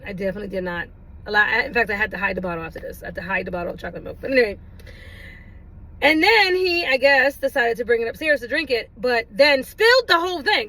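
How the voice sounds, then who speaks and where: A woman with a high, bright voice tells a casual personal story to the camera. She laughs often and swings into big, exaggerated exclamations when she acts out what was said. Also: low-quality recording. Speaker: vlogger.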